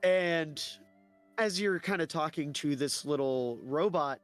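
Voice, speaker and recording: A man's voice: fairly high pitch, normal speed, smooth, soft background music. Rambling man running a tabletop game. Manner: loose, rambling with fillers. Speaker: game master.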